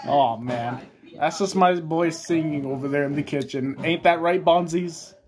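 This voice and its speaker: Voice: medium pitch, a little slow, a little mellow. A performer playing an exasperated father who keeps scolding his son in a rambling way.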